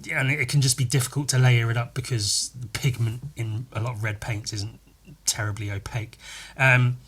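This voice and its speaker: A man's voice: medium pitch, sharp tone. A man giving casual, rambling commentary over painting footage, swearing now and then and joking at his own expense. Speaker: miniature painter.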